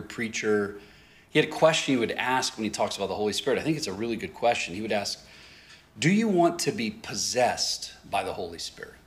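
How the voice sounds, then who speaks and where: A man pastor telling a story in a sermon, acting out both sides of a conversation and often laughing as he talks. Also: on the low side. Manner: animated storyteller, acts out dialogue, laughs often.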